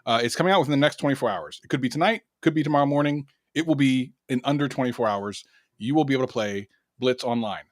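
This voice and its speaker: A man's voice: medium pitch, fast, dry recording. Rambling, chatty man on a podcast. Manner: chatty and rambling, many fillers. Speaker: podcast co-host, arcade content creator. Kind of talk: casual podcast chat.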